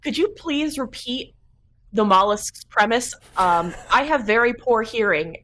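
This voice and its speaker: Picture a fussy female adventurer, as a woman puts her on, pitched way up with a bouncing, sing-song lilt. She pleads with exaggerated politeness and plays at being hard of hearing in a tabletop role-play. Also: animated, measured pace, fairly bright tone. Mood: overly polite.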